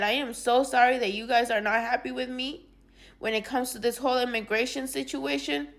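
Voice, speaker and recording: A young Latin American woman, close to tears, delivers a frank and heated personal vlog rant, swearing often. Her voice is fairly high and a bit bright, and the recording quality is low.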